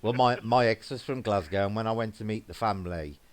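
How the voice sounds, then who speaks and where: A man with a broad Black Country accent and a lowish voice chats casually on a livestream. He rambles, restarts his sentences and reads out viewer comments as he goes. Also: a little fast. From English Midlands. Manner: chatty and rambling, frequent restarts. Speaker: co-host of a paranormal livestream. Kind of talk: casual chat, reading viewer comments aloud.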